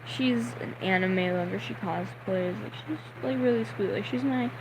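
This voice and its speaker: A man's voice: sits high, normal speed, noisy background. A young man telling a story on a livestream, nervous and sweaty, talking in a rambling way full of "like" and acting out the people in his story.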